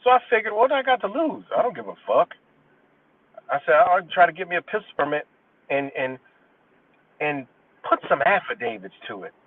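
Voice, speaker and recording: Reading case citations aloud in fits and starts, a livestream host from New York State then rants bluntly and curses freely. His voice is high with lively intonation, and the dry recording sounds tinny and phone-like, picked up from far off the mic.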